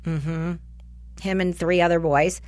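A woman in her forties, the parent of a teenage son, chats casually with a friend in a fairly low, slow voice with no room sound. She tells stories animatedly, swears freely, and acts out the dialogue.

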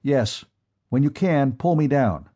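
Bold young space lieutenant barking orders, read by a guy, low mellow husky voice. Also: animated, slow pace. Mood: firm. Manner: urgent, commanding.

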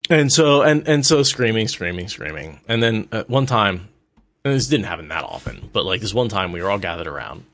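A young adult man co-hosting a casual book discussion, telling an animated story and swearing casually. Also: low voice, brisk, creaky, no room sound. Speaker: podcast co-host.

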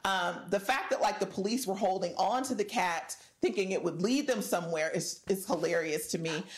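A woman's voice: mid-range voice, normal speed. A woman from California co-hosting a chat show, giving emphatic opinions with plenty of fillers. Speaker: co-host. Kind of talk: casual chat.

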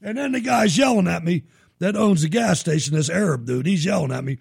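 A middle-aged man hosting a live show, telling profane, animated stories in casual chat. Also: high-pitched, fairly quick, gravelly, husky. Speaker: show host.

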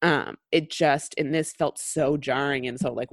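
Low-voiced woman in chatty podcast talk. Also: fairly even intonation, measured pace, no echo, clean studio sound. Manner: chatty, many fillers and restarts. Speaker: podcast co-host. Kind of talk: casual chat.

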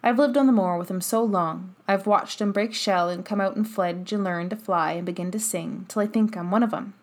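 A woman's voice: mid-range voice, close to an everyday voice. Woman doing an easygoing Yorkshire moor boy. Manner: easy, unhurried dialect speech.

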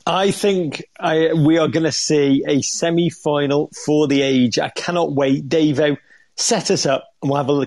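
A man in middle age talks football with gleeful comic energy, tossing in swears and jokes. His voice sits high for a man. The sound is close and dry. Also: a little mellow, no echo. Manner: exuberant, comic, swearing storyteller. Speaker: podcast co-host. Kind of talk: animated football chat.

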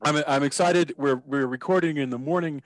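A man's voice: on the high side, fairly quick, no room sound. A man from Texas with a Texan accent, hosting an interview in a chatty way and often restarting his sentences. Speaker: podcast host. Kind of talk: casual interview.

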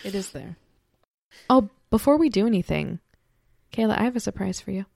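A woman's voice: mid-range voice, expressive, fairly quick, a little mellow, dry recording, studio quality. A woman co-hosting a podcast, teasing her co-host and laughing in casual chat. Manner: teasing, laughing, with a gravelly edge.

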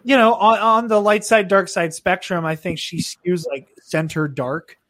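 A man's voice: sits high, fairly even intonation, measured pace, a bit bright, no echo, studio quality. A man hosting a podcast, chatting casually with enthusiasm, lots of fillers and the odd swear for emphasis. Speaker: podcast host. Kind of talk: casual chat.

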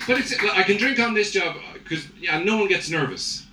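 A man's voice: high-pitched, animated, moderate pace. An Irish man doing a stand-up comedy set, rambling and crude as he works the crowd. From Ireland. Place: comedy venue in front of a crowd. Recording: echoey live room, loud noise, distant mic.

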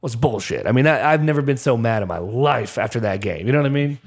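A man's voice: medium pitch, lively intonation, fast talker. A man co-hosting a casual sports podcast, talking in a chatty way with frequent "uh" fillers. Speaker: podcast co-host.

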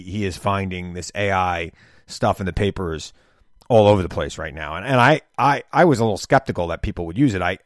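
A middle-aged man with a low-pitched voice hosts his podcast in a rambling, casual chat. He often stumbles, interrupts himself and stammers as he restarts, on a dry studio-quality recording.

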